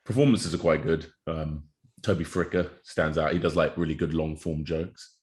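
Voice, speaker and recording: A man's voice: rumbling low, fairly even intonation, normal speed, darkish tone. A young man co-hosting a podcast, chatting casually, laughing often and dropping slang like bro and mate. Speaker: podcast co-host. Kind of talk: casual chat.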